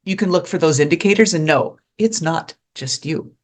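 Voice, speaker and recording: A host giving advice straight to the audience in an animated way, acting out the people they quote. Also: medium pitch, moderate pace. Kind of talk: advice talk to camera.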